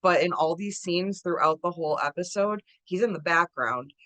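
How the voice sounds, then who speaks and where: A woman co-hosting a podcast, telling stories in a lively, casual way and acting out quotes. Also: fairly low pitch, normal speed, no room sound. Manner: animated storyteller, acts out quotes, laughs often. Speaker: podcast co-host. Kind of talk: casual chat.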